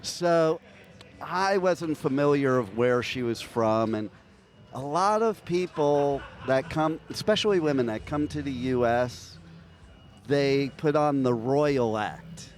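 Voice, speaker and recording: A man's voice: mid-range voice, lively intonation, slow. A man interviewing a musician at a music festival, telling stories in a chatty, playful way. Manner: chatty storyteller, laughs at own jokes. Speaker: radio interviewer.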